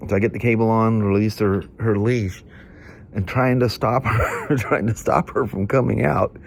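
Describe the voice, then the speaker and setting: A man's voice: on the low side, steady tone, moderate pace, creaky, a little hiss or hum. A middle-aged man vlogging, a stuffy-nosed storyteller with a chatty, folksy manner who rambles and laughs through his stories. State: congested from hay fever.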